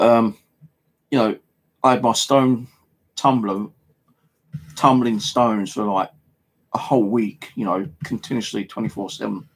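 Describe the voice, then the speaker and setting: A man's voice: on the low side, slightly rough. A man with an English accent telling a rambling, casual story, heavy on fillers and swearing. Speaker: paranormal vlogger. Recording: home video monologue.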